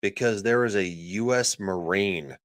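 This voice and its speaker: A man's voice: fairly low pitch, unhurried, fairly bright tone, dry recording. A man hosting a livestream, ranting sarcastically and crudely, often reading out viewers' chat comments. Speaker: livestream host.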